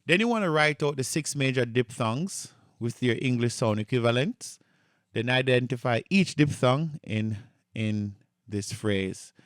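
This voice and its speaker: Male lecturer, mid-pitched, patient and repetitive, close dry mic. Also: expressive, unhurried, no echo. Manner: patient, repeats key points, checks in with "right?". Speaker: Greek instructor. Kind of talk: recorded online lecture.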